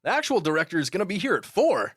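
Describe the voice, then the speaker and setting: A man's voice: high voice, sing-song, quick pace, fairly bright tone, breathy edge, dry recording, clean studio sound, pitched above the performer's own voice, full character voice. A man voicing a cocky young actor who mocks his bossy co-star. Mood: mocking. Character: cocky, fast-talking young actor, mocking.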